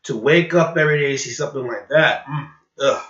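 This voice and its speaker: A man's voice: medium pitch, brisk, a bit bright. A man ranting in a rambling reaction commentary, sighing and repeating himself. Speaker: online commentator. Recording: roomy, dull lo-fi recording.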